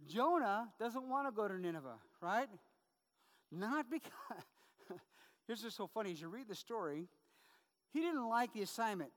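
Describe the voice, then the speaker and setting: A man's voice: sits high, very animated, moderate pace, pauses often, a bit bright. A man preaching a sermon as a pastor, talking in a loose, conversational way with fillers and rhetorical asides. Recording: long reverb of a hall.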